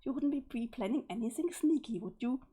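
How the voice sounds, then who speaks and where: A smug, scheming young female troll, voiced by a woman. She teases and mocks sarcastically in a slightly raised, husky voice. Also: on the high side, expressive, fairly quick, dark tone.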